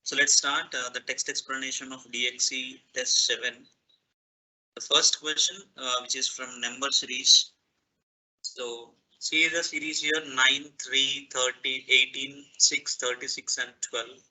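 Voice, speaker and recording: A man's voice: medium pitch, steady tone, measured pace, pushed and bright, rough recording. A man teaching an online class through his laptop microphone, politely checking that students can hear him. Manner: polite, checks often whether he is heard. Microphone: laptop microphone on a video call.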